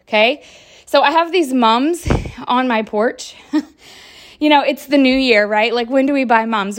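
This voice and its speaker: A young adult woman hosting a motivational podcast, speaking in an upbeat, encouraging and chatty way with many fillers. She is slightly out of breath. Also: fairly high pitch. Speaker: podcast host.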